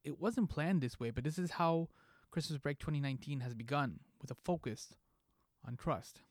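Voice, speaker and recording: A man's voice: a little high, normal speed, no room sound, clean studio sound. A man hosting a podcast, reading a scripted monologue in a playful, jokey way with pop-culture asides. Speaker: podcast host.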